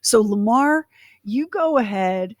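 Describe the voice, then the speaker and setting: A woman's voice: a little high, lively intonation, slow, dry recording. Lady on radio, fed up and sarcastic, dry close mic. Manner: exasperated, sarcastic rant with laughs. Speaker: radio show co-host. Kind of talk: casual radio chat.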